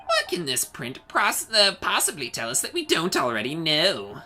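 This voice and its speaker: A man voicing a haughty, scornful male prosecutor with a drawn-out, disdainful delivery. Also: a little high, huge pitch swings, sharp tone, voice pushed up, full character voice. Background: game music.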